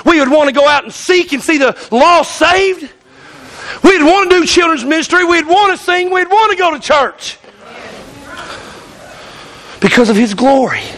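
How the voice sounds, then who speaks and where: A man's voice: extremely high pitch, lively intonation, normal speed, pauses often, a bit bright. A male pastor preaching a fiery sermon in church, hollering and calling out to the congregation. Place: church sanctuary.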